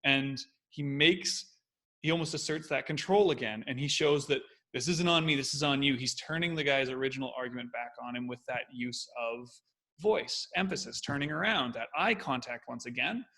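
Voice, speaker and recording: A man co-hosting a casual chat, explaining in an animated way, step by step. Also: mid-range voice, moderate pace. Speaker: co-host.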